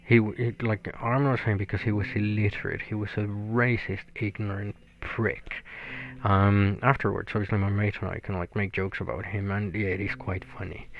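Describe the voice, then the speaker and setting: A man's voice: lowish voice, flat delivery, normal speed, dull audio. A man whose first language is Spanish, telling a casual story full of fillers and swearing. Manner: rambling, profane, lots of fillers.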